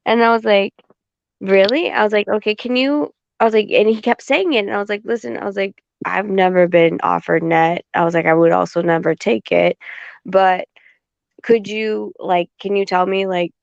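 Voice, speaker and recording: A woman on a podcast telling a story in casual chat, animated and swearing, acting out the back-and-forth she had. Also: medium pitch, normal speed, vocal fry, dry recording. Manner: animated, swearing, acts out quoted exchanges. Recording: dull lo-fi dry sound.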